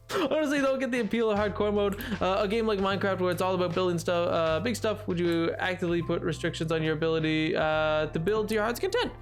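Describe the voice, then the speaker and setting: A man's voice: high-pitched, a little fast, soft background music. A man streaming a game live, reading chat and answering in a playful, jokey way.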